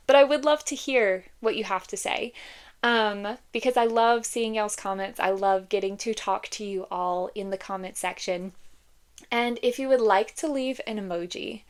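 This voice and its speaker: A woman chatting to camera about books, gushing, often laughing, with many fillers. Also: on the high side. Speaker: book reviewer. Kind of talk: casual chat to camera.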